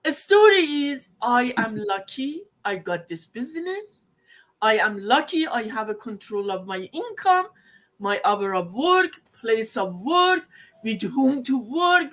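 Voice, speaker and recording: A woman's voice: a little high, sing-song, slow pace, fairly bright tone. A woman around sixty, a guest telling her own story in earnest, heartfelt, plainspoken words with non-native English phrasing. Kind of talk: personal testimony.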